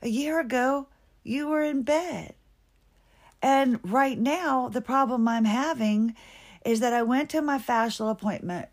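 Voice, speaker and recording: A middle-aged woman hosting a podcast, talking anxiously and ramblingly about her health, with frequent restarts and shifting pace. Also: a little high. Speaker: podcast host. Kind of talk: personal health monologue.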